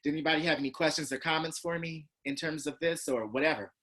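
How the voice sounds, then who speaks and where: A man from Georgia in the US, a teacher telling a class a personal story. He acts out other people's lines with big pitch swings. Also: quick pace, pushed and bright. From Georgia, USA. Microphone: video call.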